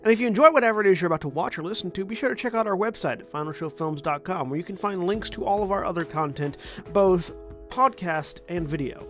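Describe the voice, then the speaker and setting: Man, producer, scripted announcements, friendly, slightly high voice, faint music. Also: expressive, quick pace, fairly bright tone. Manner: friendly, promotional. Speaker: executive producer.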